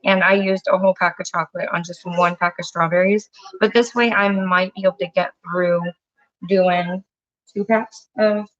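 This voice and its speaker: A woman's voice: lowish voice, steady tone, normal speed, dull audio. A woman hosting a casual live cooking stream from her home kitchen, chatting in a rambling way and breaking off to talk to her pets and family.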